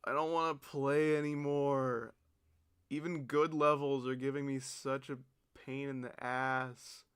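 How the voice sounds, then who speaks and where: A gaming streamer breaks down a failed attempt live, swearing and firing off exasperated, incredulous bursts. His mid-range voice is smooth and fairly bright, with a level tone and a measured pace.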